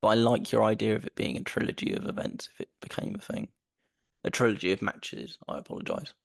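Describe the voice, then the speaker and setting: A man co-hosting a casual podcast, rambling and repeating himself with enthusiasm. His voice is gravelly and swings lively in pitch. The sound is dry and close. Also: fast, no echo. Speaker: podcast co-host.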